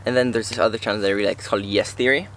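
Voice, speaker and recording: A young man talks in a calm, unhurried, even voice, answering questions casually. His tone stays low-key throughout. A faint background hiss sits under the recording. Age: young adult. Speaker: guest YouTuber, surfer and filmmaker. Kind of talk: casual interview chat.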